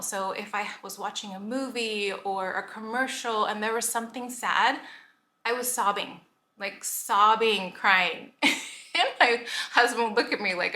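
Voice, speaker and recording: A woman in her thirties chatting casually to camera as a vlogger, full of "like" fillers and quick laughs. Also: medium pitch, sharp tone, echoey room, a little hiss or hum.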